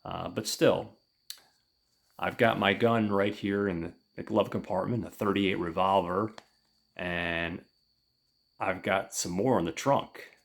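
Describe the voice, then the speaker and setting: Guy doing a brash suit guy in his fifties, low and gravelly, loudish. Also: steady tone, slow, long pauses, full character voice. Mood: boastful. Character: straight-laced man in his fifties in a suit.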